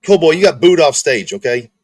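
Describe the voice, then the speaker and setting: A man's voice: on the high side, lively intonation, brisk. A man hosting a stream, roasting his friend with crude, mocking jabs. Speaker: stream host. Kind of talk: casual stream chat.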